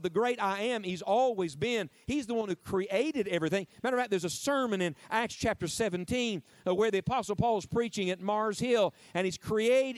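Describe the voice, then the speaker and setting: A male preacher with a notably high voice, delivering a sermon with emphatic repetition and call-and-response prompts. His voice sounds dry and close, with almost no room echo. Playful asides break up the pulpit cadence. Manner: emphatic, repeats key phrases, prompts the congregation to respond.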